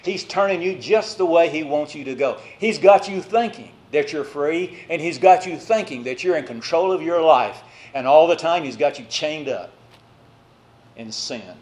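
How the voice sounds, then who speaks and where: A man preaching a sermon in a voice that sits a little high for a man. He presses his points hard, then drops to quiet, slow phrases. Now and then he turns to chatty asides to the congregation. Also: animated. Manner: emphatic, swinging from loud exhortation to quiet, drawn-out phrases.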